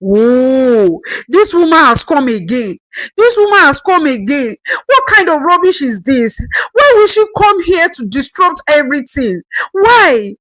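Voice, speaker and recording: A woman's voice: fairly high pitch, big pitch swings, slow pace, no echo, poor audio. A woman voicing a scheming young stepmother in a folktale, sugary to her husband and grumbling alone. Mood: irritated. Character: scheming young stepmother, sweet then bitter.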